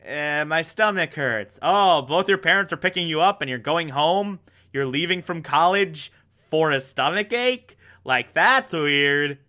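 A man's voice: a little high, lively intonation, unhurried, pushed and bright. A man quoting a wounded, suspicious FBI agent.

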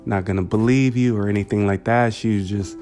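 A man with a low, level voice recounts a hard family memory, pausing often and leaning on "you know" and "um". His delivery stays flat and unhurried, with faint music under him. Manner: halting, many fillers and "you know". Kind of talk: personal storytelling.

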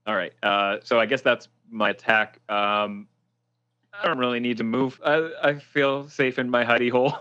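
A man's voice: medium pitch, fairly even intonation, normal speed, clean tone, lo-fi sound. A man playing in a tabletop role-play, hesitant and playful, with many fillers. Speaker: player.

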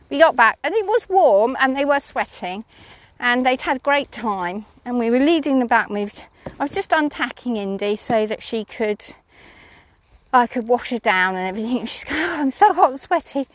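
A woman chatting casually about her horses, giggling often and filling pauses with ums. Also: a little high, animated, dry recording. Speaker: horse owner vlogger. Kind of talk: casual chat.

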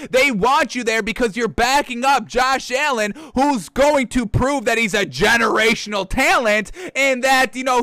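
High, bright-voiced man ranting. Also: no echo, studio quality. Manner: heated, animated, keeps addressing the audience as folks. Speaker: sports show host. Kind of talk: casual football rant. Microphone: close studio microphone.

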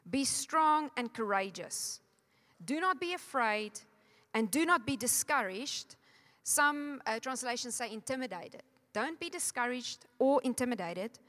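High-voiced South African woman preaching. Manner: animated, rousing congregation to chant along. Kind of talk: sermon. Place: church hall. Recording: long hall reverb.

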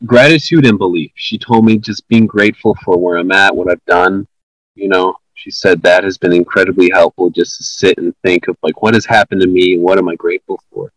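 A man's voice: sits low, fairly even intonation, a little fast, no echo, low-quality recording. A man co-hosting a podcast, earnestly retelling a conversation with many fillers and restarts. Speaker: podcast co-host. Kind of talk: casual conversation.

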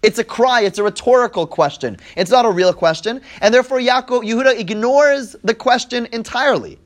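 With a very high, brisk voice, this man teaches the Bible in a text-study class. He reads each verse, translates line by line, and voices the people being quoted. He walks through things step by step, often asking his listeners "right?"

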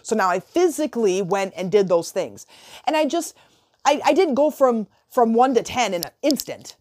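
A woman coaching her viewers in a chatty, animated motivational talk, often restarting phrases and acting out little dialogues. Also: a little high, normal speed.

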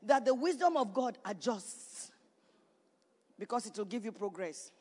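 A woman pastor preaching a sermon in a church, building to shouts and repeating her points. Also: on the high side, expressive, measured pace, background noise. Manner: preaching with rising shouts and repetition. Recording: reverberant church hall.

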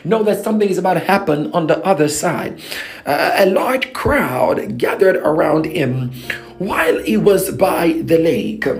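A woman preaching a fervent sermon, repeating phrases and filling pauses with "praise God.". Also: mid-range voice, darkish tone.

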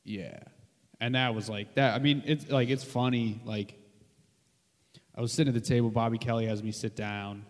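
A man's voice: medium pitch, steady tone, normal speed, in a large hall. A man, a comedian guest on a podcast, telling a rambling, profane story with many fillers.

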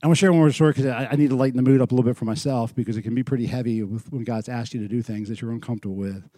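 A middle-aged man preaching a sermon in a church, moving from loud, lively storytelling to quiet, earnest lows. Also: very fast, no room sound, clean studio sound. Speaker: pastor.

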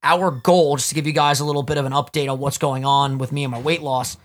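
A young man hosting a casual podcast while drinking, loud, boastful and swearing freely in banter. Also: mid-range voice, fairly even intonation, quick pace. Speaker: podcast host.

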